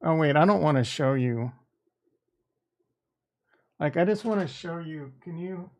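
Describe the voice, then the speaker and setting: A man's voice: on the high side, animated, measured pace. A man hosting a casual livestream, talking back to his chat in a defensive, joking way. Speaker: livestream host reading chat.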